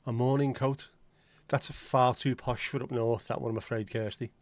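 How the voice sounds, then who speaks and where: A man's voice: mid-range voice, steady tone, moderate pace, dry recording. A man with a Liverpool accent hosting a casual livestream chat, joking, swearing freely and greeting viewers by name. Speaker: livestream host.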